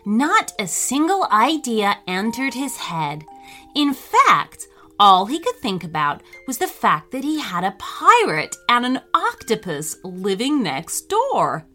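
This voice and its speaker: A woman narrating a children's storybook in a gentle, expressive and unhurried way. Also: fairly high pitch, soft background music.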